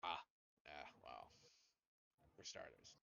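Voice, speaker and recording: A man's voice: rumbling low, big pitch swings, slow pace, gravelly, pushed and bright, heavily acted. A man playing a crude cornered thief. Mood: evasive. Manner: evasive, rambling, swearing. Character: evasive crude male thief, captured and cornered. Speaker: game master. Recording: dry, dull lo-fi mic.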